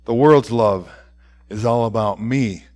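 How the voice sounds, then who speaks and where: A medium-pitched man preaches a sermon, reading scripture aloud. His phrasing is slow and deliberate, trailing off softly at the end of lines.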